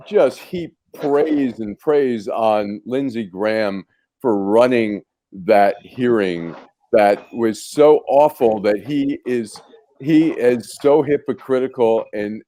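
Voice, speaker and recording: A man talking as a regular guest on a panel show, opinionated and animated. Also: mid-range voice, takes it slowly. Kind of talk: casual panel talk.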